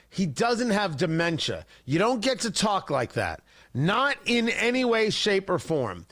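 A male commentary host with a high, lively voice that leaps up and down. He rants with heated sarcasm, mocking and scolding as he comments on a livestream. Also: moderate pace.

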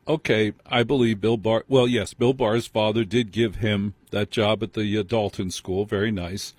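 A man's voice: fairly low pitch, no echo. A man hosting a late-night call-in radio show, chatting casually and interrupting callers to set up the topic.

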